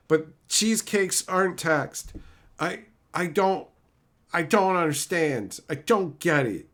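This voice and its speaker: A middle-aged man ranting sarcastically at his live chat in casual, profane talk, breaking into loud mocking outbursts. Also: on the high side, lively intonation, slow pace. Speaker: streamer reading live chat.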